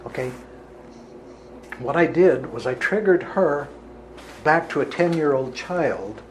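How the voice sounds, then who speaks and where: A man's voice: fairly high pitch, a little mellow, slight background noise, poor audio. Earnest man telling a vivid story. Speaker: healer giving a talk. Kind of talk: storytelling talk to an audience.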